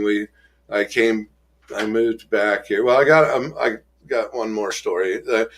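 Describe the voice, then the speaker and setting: Emotional middle-aged man telling his story. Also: fairly bright tone. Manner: halting and emotional, many restarts and trailing pauses; acts out quoted voices in a raised pitch. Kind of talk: personal storytelling.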